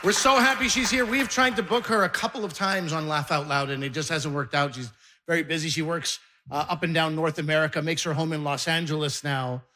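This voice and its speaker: High, bright, fast-talking male host. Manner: hyped, loud crowd-warming introduction. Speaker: comedy show host. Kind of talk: introducing a comedian. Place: comedy stage before a live audience.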